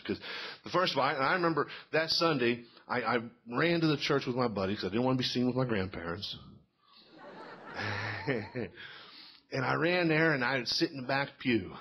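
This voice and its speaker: A man's voice: medium pitch, breathy edge, lo-fi sound. A middle-aged man telling folksy stand-up stories and quizzing a live audience in a small cafe. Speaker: comedian.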